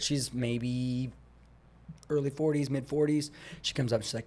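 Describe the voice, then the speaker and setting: A young man talking as a guest on a podcast, animated as he tells stories and acts out conversations, rambling a little with restarts. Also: mid-range voice, measured pace. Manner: animated storyteller, acts out dialogue; rambling with frequent restarts and fillers. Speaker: guest, fitness instructor.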